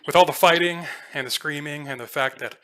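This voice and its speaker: A man's voice: a little high, brisk, a bit bright, clear, resonant tone. A man narrating a tabletop game as game master, casual and playful, with many filler ums.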